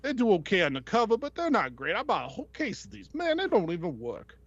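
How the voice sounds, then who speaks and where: A man putting on the voice of a fast-talking, pushy male toy artist with a high, nasal wise-guy patter. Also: wildly swooping pitch, muffled recording, exaggerated voice. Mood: pushy, chummy.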